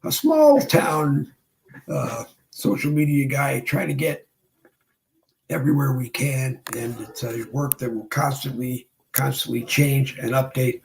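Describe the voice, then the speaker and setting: Gravelly-voiced man hosting a livestream. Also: medium pitch, animated, low-quality recording. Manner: rambling, filler-heavy, many uh pauses. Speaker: show host. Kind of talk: casual livestream sign-off. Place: home studio desk.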